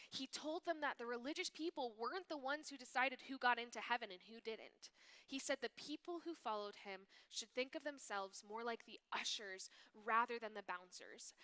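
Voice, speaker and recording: A woman speaking at a youth ministry, giving a sermon reading with expressive delivery and hushed, whispered asides. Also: fairly high pitch.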